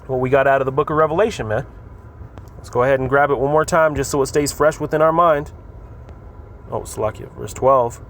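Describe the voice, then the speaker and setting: A man's voice: mid-range voice, brisk. Man teaching scripture casually over traffic. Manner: informal, repetitive, frequent "man" and "all right". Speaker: religious teacher.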